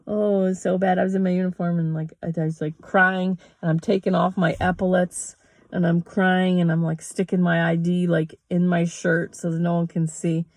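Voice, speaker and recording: A woman's voice: on the low side, level tone, moderate pace, darkish tone, dry recording. A middle-aged woman telling a personal story, candid and emotional, swearing and laughing between lines. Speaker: yoga teacher and vlogger.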